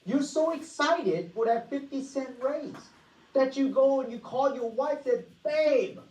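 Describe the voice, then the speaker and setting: A woman giving an energetic money-management workshop presentation, often asking the audience rhetorical questions. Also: high voice, unhurried. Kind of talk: motivational presentation. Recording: echoey room, voice far from mic.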